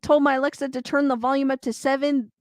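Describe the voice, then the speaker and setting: A woman's voice: high-pitched, little pitch movement, fast talker, no room sound. A woman hosting a livestream, chatting casually, reading viewer comments aloud and laughing often. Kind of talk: casual chat.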